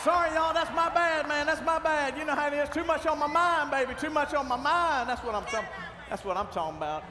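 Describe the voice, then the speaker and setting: A man hyping up a crowd as event host, shouting over a live band in a hall. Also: extremely high pitch, fairly quick. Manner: loud, shouting, pumping up the crowd. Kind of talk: hyped emcee crowd work. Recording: echoey hall, loud music behind.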